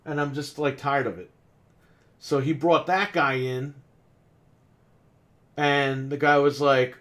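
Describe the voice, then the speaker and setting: A man with a slightly high voice rants in a casual podcast chat. He is exasperated and swears freely. He acts out each side of an argument with customers at his shop. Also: unhurried, fairly bright tone. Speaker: podcast co-host and game store owner. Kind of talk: casual ranting story.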